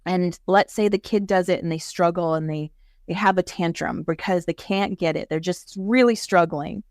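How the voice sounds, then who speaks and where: A woman's voice: on the low side, normal speed, darkish tone, no echo, clean studio sound. Earnest woman explaining spiritual ideas. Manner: earnest, explanatory, acts out quoted voices. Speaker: guest, spiritual teacher. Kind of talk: casual interview chat.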